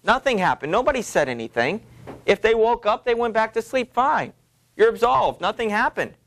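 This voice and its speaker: A man's voice: big pitch swings, vocal fry, fairly bright tone, heavily acted. A fretful noble wife , played by a male teacher, snaps impatient questions at her husband in a voice pushed well above his own. Her delivery is a classroom read-aloud, impatient and scolding rather than polished stage acting. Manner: raises voice higher, quick impatient questions.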